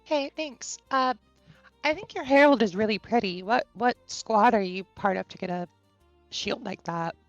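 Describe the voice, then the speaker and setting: A woman's voice: fairly high pitch, normal speed, no room sound, muffled recording, faint music behind, lightly acted. A woman voicing a curious, friendly young woman adventurer in a tabletop game, in a casual, chatty way.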